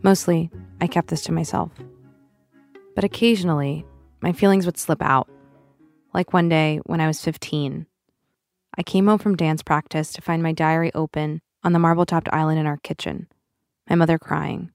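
A young woman, raised in the US after arriving from Russia, reading a personal essay in a reflective, measured, confessional way. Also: low-pitched, steady tone, vocal fry, darkish tone, no echo, clean studio sound, soft background music.

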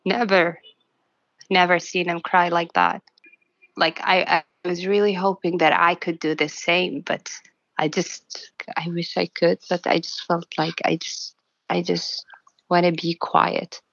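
A woman telling her own story in an interview, soft and halting, often restarting her sentences. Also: on the low side, little pitch movement, no echo, dull audio. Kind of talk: personal account in a documentary interview.

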